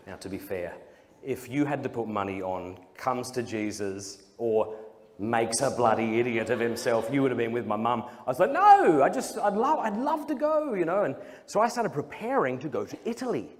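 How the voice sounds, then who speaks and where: A man's voice: mid-range voice, expressive, moderate pace. A young Australian man telling funny stories to a live audience as a Catholic speaker, acting out the voices of the people in them. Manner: joking storyteller, acts out quoted voices. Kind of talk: comedic talk to a live audience. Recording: live hall with long reverb, faint crowd ambience.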